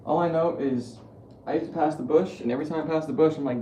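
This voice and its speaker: A man's voice: on the high side, quick pace, dark tone. Crude, joking young man in an echoey room. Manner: crude, joking, profane storytelling. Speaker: streamer. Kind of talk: rambling casual monologue. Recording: echoey room with faint noise.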